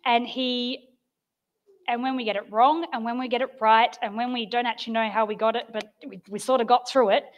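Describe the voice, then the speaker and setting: A woman giving an informal, chatty sermon, telling stories with gentle humour. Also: on the high side, level tone, fairly quick, dull audio. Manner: chatty and storytelling, with soft self-deprecating humour. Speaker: preacher.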